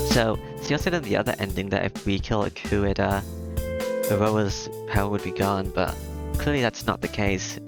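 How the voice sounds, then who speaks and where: Male let's play host, lowish voice, halting reader, loud music bed. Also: gravelly. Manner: halting, stumbles and restarts while reading. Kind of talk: playthrough commentary and reading aloud. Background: game music.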